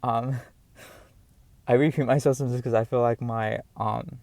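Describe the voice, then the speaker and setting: A man with a noticeable accent speaks straight to camera in a casual motivational vlog, earnest and encouraging. His talk rambles, with frequent fillers and repeated phrases. His mid-range voice has a gravelly edge, recorded dry and close. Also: medium pitch, steady tone, measured pace, a little mellow, no room sound. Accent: noticeable non-standard accent. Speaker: vlogger.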